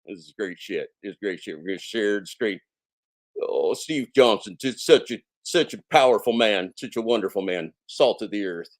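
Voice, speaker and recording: A man's voice: lowish voice, animated, normal speed. A man hosting a casual live stream, talking in a sarcastic, mocking and boastful way and swearing freely.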